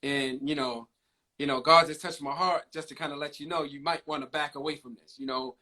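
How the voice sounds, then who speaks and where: A preacher-type man talking casually on a podcast, reflective and given to church phrasing. His voice sits a little high for a man. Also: steady tone, fairly quick, pushed and bright. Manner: church-talk, reflective, affirming with "right".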